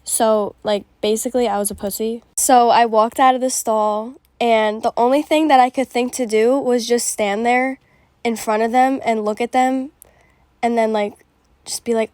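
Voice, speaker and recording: A woman's voice: fairly high pitch, steady tone, normal speed, no room sound. A young woman casually telling a personal story, frank and chatty, with lots of fillers and swearing.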